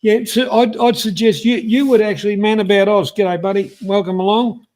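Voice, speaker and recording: An Australian man hosts a live trivia stream, rambling bluntly and greeting viewers by name in casual chat. His voice is high-pitched and a little mellow, with a steady tone and moderate pace.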